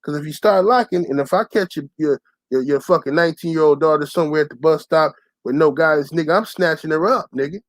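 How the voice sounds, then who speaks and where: Young guy ranting to his channel, loud and cussing, higher voice, dry close sound. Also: fast talker, dry recording. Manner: loud, profane and heated, often shouts in quoted lines. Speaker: channel host. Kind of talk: profane storytelling rant to camera.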